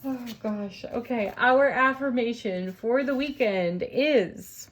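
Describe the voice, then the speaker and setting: Woman tarot reader, calm and soothing, breaks into delighted laughs. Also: fairly high pitch, slow pace, hardly any pauses. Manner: gentle, soothing, laughs often; awed and excited at the cards. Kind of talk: tarot reading vlog.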